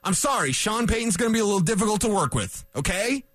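Sports radio guy ranting in the studio, high voice, dry close sound, emphatic and combative. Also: animated, fast, a bit bright, no room sound. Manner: emphatic, combative, repeats points for punch. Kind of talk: fired-up sports talk rant.

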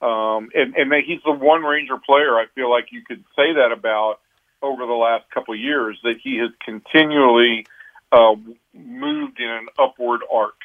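A man's voice: mid-range voice, animated, normal speed. A man, a baseball reporter, analyzing a player in a radio phone interview, often restarting his sentences. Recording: tinny phone line.

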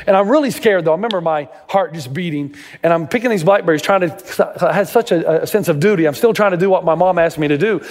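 A middle-aged pastor from Tennessee preaching a sermon and telling stories dramatically, his voice jumping up high when he acts out what others said. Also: quick pace, few pauses, in a large hall. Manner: dramatic storytelling, pitch leaping up in quoted voices.

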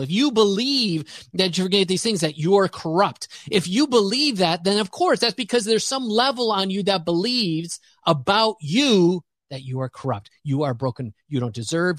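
A man's voice: high-pitched, lively intonation, normal speed, few pauses, a bit bright, no echo. Man, podcast guest, emphatic preacher-like delivery, dry close sound. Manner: preacher-like, emphatic, repeats phrases for rhythm. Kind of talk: motivational faith talk.

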